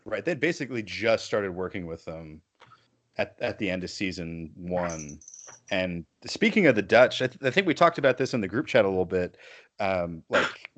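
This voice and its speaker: Male podcast host, lowish voice, rambling and self-correcting. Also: animated, normal speed. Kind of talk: casual chat.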